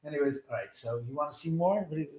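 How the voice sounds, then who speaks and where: A man's voice: a little high, animated, rapid-fire, a little mellow. Wired, rambling male livestream host. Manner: rambling, profane, giddy. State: wired on caffeine. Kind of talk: casual livestream chat. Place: his home. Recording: echoey room.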